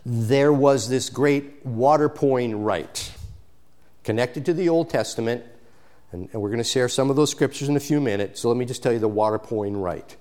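A pastor preaching a sermon, his delivery swinging between quiet, intimate passages and loud, emphatic calls. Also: mid-range voice, normal speed.

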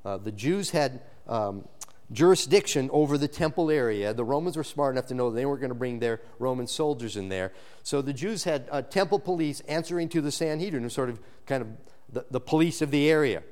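A male pastor preaches an expository sermon a little fast, shifting between low, emphatic lines and louder, animated ones. Restarts and repeated words come up frequently.

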